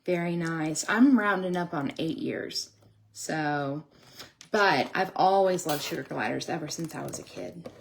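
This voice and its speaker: A woman's voice: sits low, measured pace, vocal fry, slight background noise. A woman hosting a casual live stream from home, chatting with her viewers while she builds a pet toy. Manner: chatty, talks to her viewers and scolds her dogs. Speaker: sugar glider breeder and live stream host.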